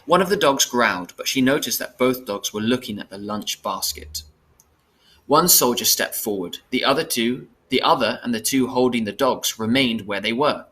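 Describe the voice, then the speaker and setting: Brief: man with a bright, tense tone reading a children's storybook aloud, steady and plain. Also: mid-range voice, moderate pace. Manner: plain, steady reading with small self-corrections. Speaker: reader.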